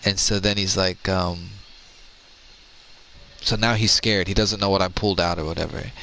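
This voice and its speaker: Gravelly low-voiced man telling a story. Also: moderate pace, a little hiss or hum, low-quality recording. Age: 30s. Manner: rambling, profane, animated storyteller. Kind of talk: casual storytelling chat.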